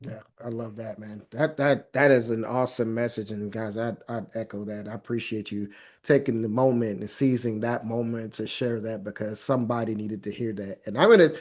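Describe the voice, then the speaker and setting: A man's voice: fairly low pitch, normal speed, a little mellow. A man in his forties, a coach hosting an interview, chatting in an encouraging, conversational way. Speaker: host, coach. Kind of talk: casual interview chat.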